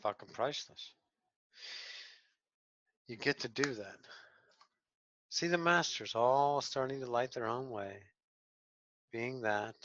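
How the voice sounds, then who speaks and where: A man's voice: mid-range voice, takes it slowly, pauses often, fairly bright tone, dull audio, slight background noise. A man leading an online spiritual class, affirming each speaker and calling members by name. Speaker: group class leader.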